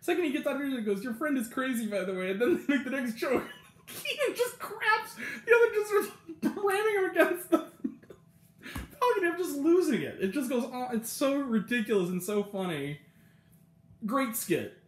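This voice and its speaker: A man's voice: extremely high pitch, lively intonation, moderate pace. A young man reviewing a TV episode in a rambling, casual monologue, laughing often and acting out quotes. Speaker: TV review vlogger. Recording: echoey room.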